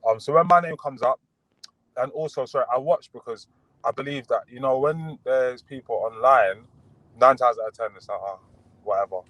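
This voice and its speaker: Man, casual podcast guest, relaxed, rambling, dry close sound, middle pitch. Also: moderate pace, dry recording, low-quality recording. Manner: relaxed, chatty, full of fillers and restarts. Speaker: boxer guest.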